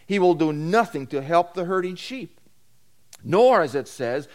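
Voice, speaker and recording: A man preaching a sermon, swinging between loud emphatic declarations and quieter asides, often repeating key phrases. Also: sits high, sing-song, normal speed. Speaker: pastor.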